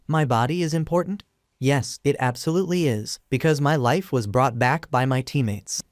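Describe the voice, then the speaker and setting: A man reading the lines of a proud, grieving young woman squad leader in a flat, even way in a comic recap. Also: mid-range voice, normal speed, no echo, studio quality, close to an everyday voice. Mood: angry.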